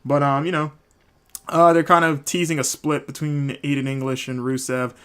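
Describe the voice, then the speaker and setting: A man's voice: fairly high pitch, level tone, normal speed, fairly bright tone, clear, resonant tone. A man hosting a solo wrestling recap podcast, rambling casually with many fillers and restarts. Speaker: podcast host.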